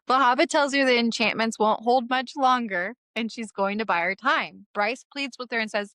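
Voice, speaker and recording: A woman with a fairly high, bright and forceful voice speaks a little slowly, with no echo on the recording. Co-hosting a casual podcast, she gives a swearing, irreverent recap of a comic chapter summary, close to tears and often laughing through them.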